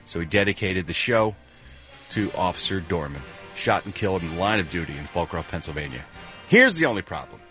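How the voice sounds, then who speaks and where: Lively, animated male radio host. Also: sits low, faint music behind. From Philadelphia. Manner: animated, jokey, with quick sound-effect interjections. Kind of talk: morning radio entertainment news. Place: radio studio.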